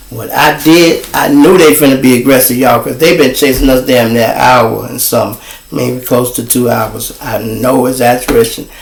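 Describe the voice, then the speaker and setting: A man with a Chicago accent, hosting a livestream show and telling a profane, animated story to his viewers. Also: mid-range voice, creaky, roomy sound, poor audio. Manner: profane, animated, acts out quoted voices.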